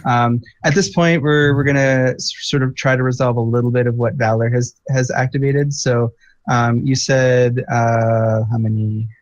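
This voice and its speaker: A man's voice: mid-range voice, fairly even intonation, normal speed, no echo. A man running a tabletop game as game master, thinking aloud with many fillers. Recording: dull lo-fi dry recording.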